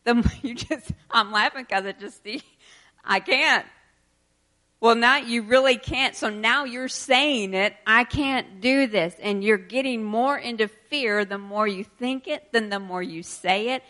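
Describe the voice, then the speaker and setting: During her sermon, a woman reads verses of scripture slowly with emphasis, then breaks into quicker asides to explain them, laughing between points. Her voice is a little high, pushed and bright.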